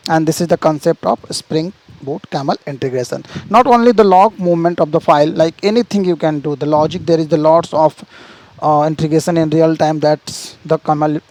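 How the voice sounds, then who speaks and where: Guy walking thru a coding demo, kinda high voice, keeps saying see and right. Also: darkish tone, rough recording. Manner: explains step by step, repeats "see" and "right?", frequent restarts. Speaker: programming tutor. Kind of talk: screen-share coding tutorial.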